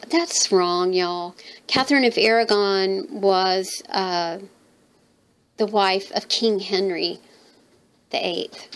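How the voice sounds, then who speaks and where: A Southern woman in her fifties from North Carolina talks through her handmade journal piece by piece. Her voice has a gravelly fry, and her delivery is chatty and wandering, full of ums and asides as she thinks aloud. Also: mid-range voice, rough recording. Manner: chatty, rambling, thinks aloud with many fillers. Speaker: mixed media artist showing her handmade journal. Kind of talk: casual show-and-tell chat.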